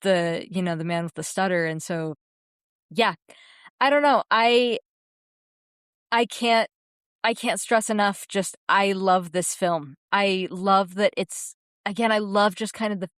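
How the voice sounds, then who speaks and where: With a medium-pitched, clean-toned voice, a woman co-hosting a podcast gushes earnestly about a beloved film, frequently starting her sentences over in a casual discussion. The sound is dry and clean, studio-grade.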